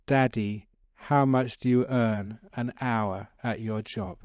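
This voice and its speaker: A man's voice: medium pitch, steady tone, slow, a little mellow, dry recording, lo-fi sound, close to an everyday voice. A man voicing a persistent six-year-old boy who keeps asking his father questions. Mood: pleading.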